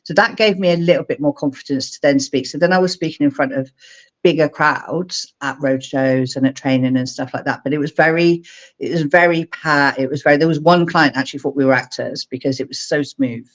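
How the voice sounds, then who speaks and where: A middle-aged woman from England, a guest on a video-call interview, telling animated stories and acting out her own past lines. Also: low-pitched, a little fast, dull audio. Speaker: guest, speaker mentor. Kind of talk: casual interview chat.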